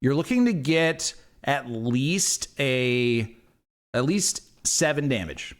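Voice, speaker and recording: A man's voice: medium pitch, slow pace. A man running a tabletop game as game master, talking with many fillers. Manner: lively, hesitant with fillers.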